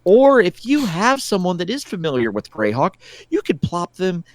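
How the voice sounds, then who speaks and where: A man's voice: high-pitched, wildly swooping pitch, normal speed, dry recording. A man co-hosting a casual podcast, talking loosely with plenty of "like" fillers. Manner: loose, filler-heavy with lots of "like". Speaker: podcast co-host.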